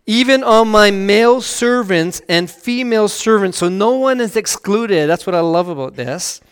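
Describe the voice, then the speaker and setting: A male pastor preaching with an earnest, rising-and-falling delivery, leaning into key phrases and then going hushed. His voice sits high and sounds smooth and clear. The sound carries a long reverberant tail from a large church hall. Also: lively intonation, normal speed. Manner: earnest, swells louder on key phrases and drops to a hush on scripture. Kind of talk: sermon.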